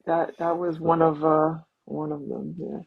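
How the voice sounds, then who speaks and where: A man being interviewed as a guest, a film producer telling animated personal stories and acting out what people said. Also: fairly high pitch, a little slow, vocal fry, narrow, tinny audio, a little hiss or hum. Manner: animated storyteller who acts out quotes. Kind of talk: casual interview storytelling.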